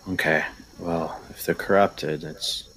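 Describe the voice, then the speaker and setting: A man's voice: low voice, steady tone, takes it slowly, fairly bright tone, slight background noise, low-quality recording. A man playing a tabletop game, talking casually and hesitantly about his moves. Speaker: player.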